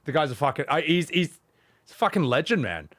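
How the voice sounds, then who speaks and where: A man's voice: a little high, big pitch swings, brisk, a bit bright, no echo. A male streamer ranting casually, blunt and emphatic, swearing often. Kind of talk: casual rant while gaming.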